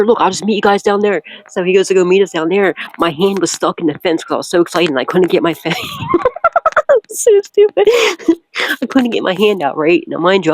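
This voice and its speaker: Young woman tarot reader, casual and loud, quick to laugh, salty language, recorded dry and close. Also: lowish voice, dry recording, poor audio. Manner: loud, laughs often, swears freely. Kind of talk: casual storytelling and tarot reading.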